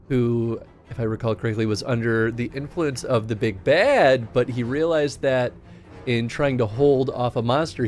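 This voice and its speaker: A man hosting a livestream, chatting casually in a rambling way while playing a game. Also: mid-range voice. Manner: rambling, with restarts and laughter. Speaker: livestream host.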